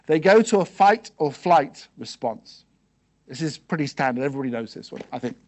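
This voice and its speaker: A man giving a seminar talk to a live audience, asking them quick questions and checking in with "okay" and "yes?" as he goes. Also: a little high, animated, a little mellow. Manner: conversational, peppered with "okay" and "yes?". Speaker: seminar speaker.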